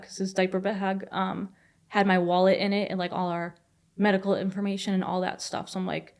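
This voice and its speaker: A young woman telling a personal story as a podcast guest, fast and chatty with many fillers. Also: mid-range voice, flat delivery, darkish tone. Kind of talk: casual storytelling.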